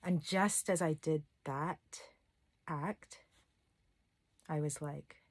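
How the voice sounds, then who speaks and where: A self-love coach who hosts her own channel talks to camera in a candid personal vlog, rambling through stories with open emotion. Her voice is low, very slow and slightly rough, recorded with no echo.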